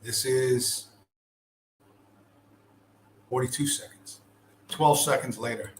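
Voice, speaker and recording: A man's voice: mid-range voice, slow pace, slight background noise. Male commentator, blunt and sarcastic, swears constantly; echoey room, faint ambience. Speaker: video commentator. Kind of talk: profane commentary over a screen-shared video.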